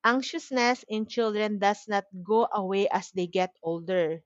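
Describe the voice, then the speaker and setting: A woman's voice: medium pitch, measured pace, no echo, dull audio. Filipino woman lecturing, checking in "okay?". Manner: mixes Tagalog and English, frequent "okay?" check-ins. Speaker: child development lecturer. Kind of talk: explanatory lecture.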